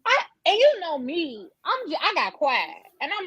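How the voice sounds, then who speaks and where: A woman co-hosting a podcast, telling a story in a brash, profane, animated way. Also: very high-pitched, moderate pace, no echo, highs cut off. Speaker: podcast co-host. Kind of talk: casual storytelling chat.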